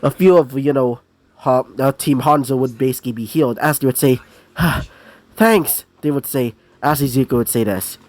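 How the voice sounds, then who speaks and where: A young man casually narrates an improvised piece of fan fiction, rambling with plenty of fillers and asides and clearing his throat now and then. His mid-range voice is darkish in tone, and he keeps a steady tone at a brisk pace.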